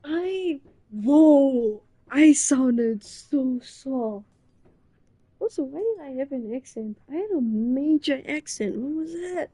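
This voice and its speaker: A young woman streamer reacting to an old clip, gasping and laughing with excitement. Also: high-pitched, slow, no room sound.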